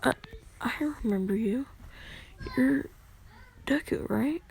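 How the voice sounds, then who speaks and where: A woman's voice: sits high, takes it slowly, creaky, darkish tone, a little hiss or hum, heavily acted. A woman voicing a shy young woman who stammers and hesitates.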